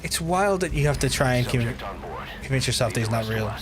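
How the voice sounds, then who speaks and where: A man's voice: mid-range voice, expressive, fairly quick, background noise. A man in a casual gaming livestream who rambles and swears often while he talks to chat. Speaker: gaming streamer. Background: game music.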